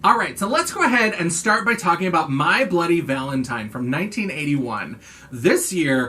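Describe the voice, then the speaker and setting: A woman's voice: low voice, a bit bright. A young woman hosting a horror movie video channel, chatting playfully with sarcastic, theatrical asides. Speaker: horror vlogger. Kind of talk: casual video chat.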